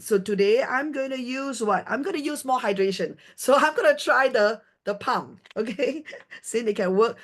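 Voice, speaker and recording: A middle-aged woman with a slightly high voice, leading a live skincare demonstration over a video call. She talks casually and walks through each step, often stopping to ask if everyone is following. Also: a bit bright. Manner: chatty, explaining step by step, checking in with "okay?".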